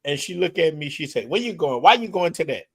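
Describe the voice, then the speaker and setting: A man's voice: on the high side, big pitch swings, fairly quick, a bit bright, slightly rough. A man hosting a casual live stream, telling stories with lots of laughter. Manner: laughing storyteller, slips into mimicked voices. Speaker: livestream host. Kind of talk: casual chat.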